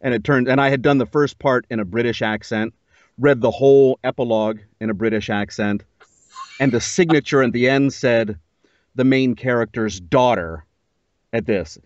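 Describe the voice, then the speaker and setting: A man's voice: medium pitch, normal speed, dry recording. A man hosting a podcast who talks in an easygoing, conversational way and laughs often. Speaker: podcast host interviewing a narrator. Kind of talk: casual chat. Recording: dull lo-fi dry recording.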